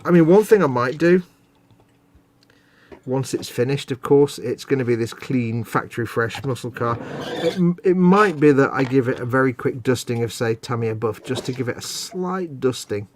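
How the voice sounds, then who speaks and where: A man's voice: medium pitch, lively intonation, moderate pace, slight background noise. Middle-aged man, rambling chat. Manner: rambling, self-mocking, with many restarts. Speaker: host. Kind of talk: casual live-stream chat.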